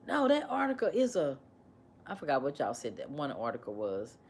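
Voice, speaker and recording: A woman chats live with her viewers, her pitch swinging widely as she repeats her questions. She talks in a casual, animated way and mimics what her commenters say. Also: normal speed, slightly rough. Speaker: livestream host. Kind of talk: casual livestream chat with commenters.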